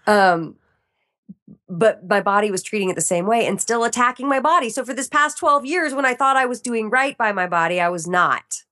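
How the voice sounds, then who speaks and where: On a podcast, a female guest speaks at normal speed with a slightly high voice. The interview talk is casual, and she's animated, often laughing as she dramatizes her own reactions.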